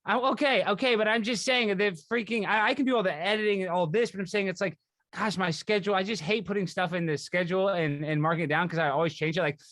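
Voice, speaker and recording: A man's voice: high-pitched, dry recording, studio quality. A man hosting a podcast in casual chat, rambling with frequent restarts. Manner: rambling, restarts often, fast excitable talk. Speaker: podcast host.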